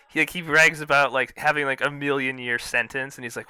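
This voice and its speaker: A man talking casually on a podcast, often acting out characters' lines in animated bursts. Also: mid-range voice, fairly quick, hardly any pauses, clean tone, no room sound. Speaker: podcast co-host.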